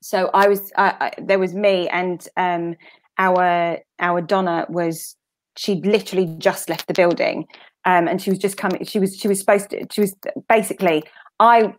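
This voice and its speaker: A woman, a guest stage actress, telling chatty, self-deprecating stories from the theatre. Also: medium pitch. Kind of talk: casual anecdote.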